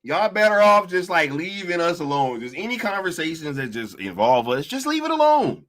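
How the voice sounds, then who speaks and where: A young man hosting a live stream, chatting casually and mocking online critics in slangy, animated talk with frequent laughter. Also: on the high side, moderate pace.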